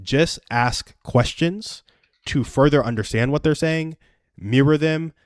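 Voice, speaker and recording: A man's voice: fairly high pitch, slow, no echo, studio quality. A young adult man hosting a live stream, giving earnest, self-deprecating advice through personal stories in a casual chat.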